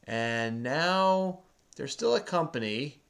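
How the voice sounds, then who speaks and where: A man's voice: fairly high pitch, animated, takes it slowly, creaky, fairly bright tone. A man hosting a crossword video, patiently and chattily explaining the clues to a child who does the typing. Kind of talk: casual explaining to a kid while solving.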